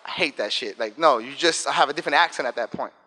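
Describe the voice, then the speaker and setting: Man, African American English accent, thirties, bright sharp tone, joking casual talk, long hall reverb. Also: mid-range voice, fast. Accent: African American English, New York. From South Bronx, New York. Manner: energetic, talkative, loose and joking. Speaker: guest speaker. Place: school event room.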